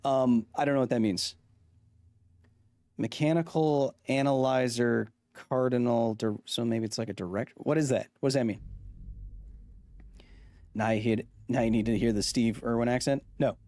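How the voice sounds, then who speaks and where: A man's voice: medium pitch, steady tone, normal speed, pauses often, darkish tone, dry recording. A man doing live gameplay commentary as a science streamer, reacting to the game and reading chat aloud.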